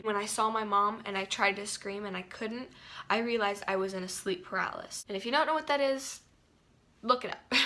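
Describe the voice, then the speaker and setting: Bright-voiced teen girl telling a story. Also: medium pitch. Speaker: vlogger. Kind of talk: casual storytime retelling a dream.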